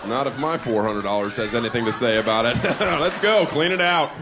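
A man's voice: mid-range voice, fairly quick. Cheeky male stand-up comic, noisy club. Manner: cheeky, deadpan asides, laughing at own jokes. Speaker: stand-up comedian. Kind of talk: live stand-up routine. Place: comedy club stage.

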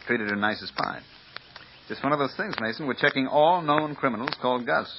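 An actor playing a matter-of-fact police lieutenant in a 1950s radio drama. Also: male voice, medium pitch, fairly quick, lightly acted. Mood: businesslike. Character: brisk middle-aged police lieutenant. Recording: muffled old radio recording with hiss.

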